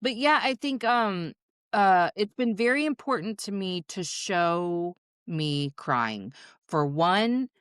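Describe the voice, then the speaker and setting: A woman's voice: mid-range voice, lively intonation, slow, a bit bright, smooth, no echo. A middle-aged woman hosting a podcast, talking openly and emotionally in casual conversation, swearing now and then. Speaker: podcast host, therapist. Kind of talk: candid conversational chat.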